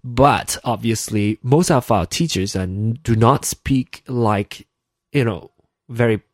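A man's voice: medium pitch, slow, no echo, studio quality. A man from Malaysia with a Malaysian English accent, slightly British, hosting a casual solo podcast and rambling with many restarts. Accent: Malaysian English with a slight British touch. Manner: rambling, chatty, many restarts and self-corrections. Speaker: podcast host.

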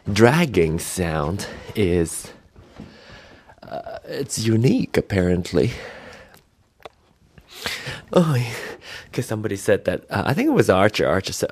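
A man hosts his podcast in loose, rambling chat, often interrupting himself. His voice sits low, yet his pitch moves about in a lively way. He talks into a handheld recorder in his living room at home. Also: a little hiss or hum. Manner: chatty, rambling, self-interrupting. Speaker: podcast host.

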